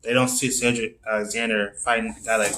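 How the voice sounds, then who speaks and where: A man's voice: lowish voice, flat delivery, brisk, bright, forceful tone, a little hiss or hum, rough recording. A man co-hosting a casual wrestling podcast. He sets the record straight in short, matter-of-fact replies and often restarts his sentences. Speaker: podcast co-host.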